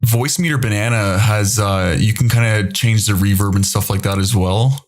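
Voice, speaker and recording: A man with a low voice talking casually as a podcast host. He is relaxed and chatty, trading tips over a streaming mic from his home setup. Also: moderate pace. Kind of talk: casual chat.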